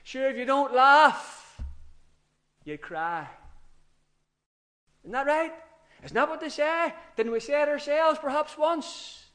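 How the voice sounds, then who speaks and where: A man's voice: extremely high pitch, lively intonation, slow pace, pauses often, sharp tone. A man preaching an earnest, emphatic sermon with rising outbursts.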